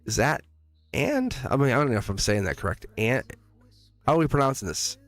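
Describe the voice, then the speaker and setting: A man with an average-pitched voice chats loosely through a live tarot reading. He laughs often and rambles, breaking off to quote himself. Faint music plays underneath. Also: lively intonation, fast talker, no room sound. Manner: chatty, laughs often, rambling self-interrupting stories. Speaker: tarot reader. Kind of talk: casual livestream chat. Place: home studio.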